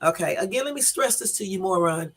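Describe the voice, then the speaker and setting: A woman's voice: medium pitch, animated, a little fast, husky. A woman hosting a casual live stream, reading out news and talking straight to her viewers with emphatic, exasperated asides. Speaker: YouTube live-stream host. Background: faint background music.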